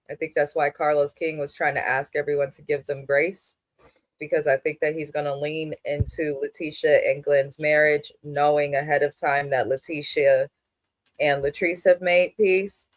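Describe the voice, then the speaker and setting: A woman's voice: low voice, dry recording. A woman co-hosting a reality TV recap who talks in a blunt, opinionated way and swears freely. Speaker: podcast co-host. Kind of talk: casual reality TV recap commentary.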